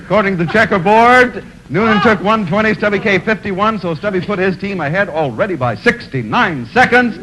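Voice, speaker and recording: A man's voice: high-pitched, animated, a little fast, few pauses, noisy background. A man hosting a game show, bantering and teasing the players. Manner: jokey, teasing. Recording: studio audience on an old TV broadcast.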